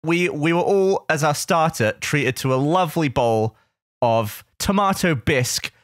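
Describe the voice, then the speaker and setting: Man, podcast co-host, chuckling anecdotes, slightly high voice, dry close mic. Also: expressive, measured pace, no echo. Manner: laughs through his stories. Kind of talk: casual chat.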